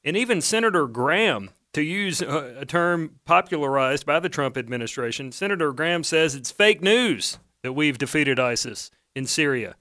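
Southern man, radio co-host, bright and a bit higher-pitched, chatty news delivery, dry studio sound. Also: animated, moderate pace, hardly any pauses, no room sound. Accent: Southern American. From Mississippi, USA. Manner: relays news items in a chatty, conversational way. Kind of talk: casual talk radio chat.

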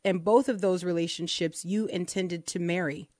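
A woman's voice: fairly low pitch, fairly even intonation, moderate pace, a loud crowd. A woman in her thirties co-hosting a faith podcast, telling her story in a reflective, earnest way. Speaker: co-host. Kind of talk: casual faith podcast conversation.

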